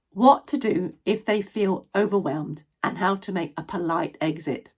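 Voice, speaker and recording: A woman in her sixties, an ADHD and education coach and former drama teacher, giving parents practical advice in an expressive instructional talk. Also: on the low side, moderate pace, hardly any pauses, slightly rough. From Scotland. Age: 60s.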